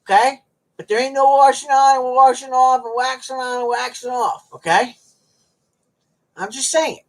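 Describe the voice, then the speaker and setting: A middle-aged live streamer with a high-pitched, steady voice talks at normal speed to viewers from home on a cold day. The chat is rambling and casual, with a folksy, joking manner.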